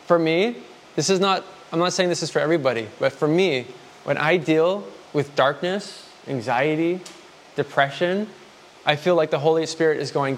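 A man delivering a sermon, his voice sitting a little higher than most men's. He talks frankly and conversationally, swinging into heartfelt quoted prayers and back again. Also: moderate pace, a little hiss or hum. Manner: candid, conversational preaching with dramatic quoted prayers. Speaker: preacher.

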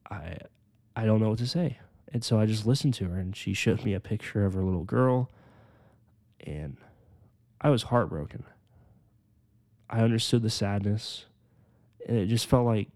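On his podcast, a man in his 20s with a fairly low voice tells the story of his faith. His earnest telling is heavy with filler "like"s, and on the weighty moments he eases his pace and his voice grows softer.

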